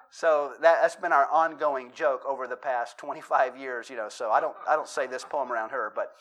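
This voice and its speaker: A man's voice: medium pitch, moderate pace, few pauses, a bit bright. A middle-aged man preaching a sermon, telling self-deprecating stories and reading scripture and poetry with dramatic emphasis. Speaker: pastor.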